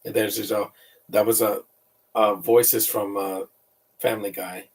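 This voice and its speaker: A man's voice: lowish voice, flat delivery, a little slow, husky, distant mic. A man giving casual live film commentary, rambling and opinionated, often tripping over repeated words. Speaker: movie commentator.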